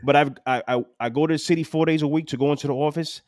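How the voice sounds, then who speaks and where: A man's voice: a little high, steady tone, rapid-fire, a little mellow, dry recording, clean studio sound. A New man in his forties ranting profanely and with exasperation as a podcast co-host. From New York City. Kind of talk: casual chat.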